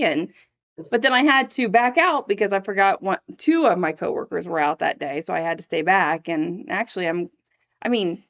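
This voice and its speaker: A woman co-host chats casually and reacts warmly to the story she is hearing. Her voice is close and dry with no room sound. The audio is dull and lo-fi. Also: mid-range voice, moderate pace, no echo. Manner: chatty, laughs along and reacts to stories. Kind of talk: casual chat.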